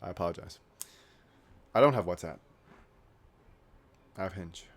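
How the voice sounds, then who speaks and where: A man's voice: low-pitched, unhurried. A young man talking casually to camera in a rambling, self-mocking way, joking about himself and his goals. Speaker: YouTuber. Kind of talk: casual vlog monologue.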